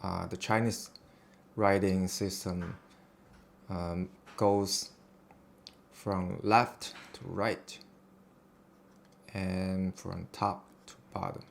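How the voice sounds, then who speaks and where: Very deep, gravelly, slow man. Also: little pitch movement, a little hiss or hum. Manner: halting, self-deprecating, with fillers. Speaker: teacher. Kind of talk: casual screen lesson.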